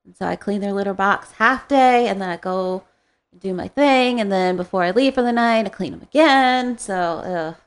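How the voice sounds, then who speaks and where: A woman's voice: medium pitch, normal speed, clear, resonant tone. A woman in casual chat with friends, telling rambling stories and laughing often.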